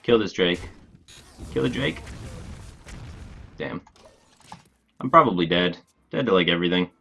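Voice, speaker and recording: Streamer, male, deep voice, laid-back gameplay commentary, thinks out loud. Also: expressive, vocal fry, husky. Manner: thinks aloud, plans moves in quick bursts; laid-back, talks to his chat casually. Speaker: game streamer.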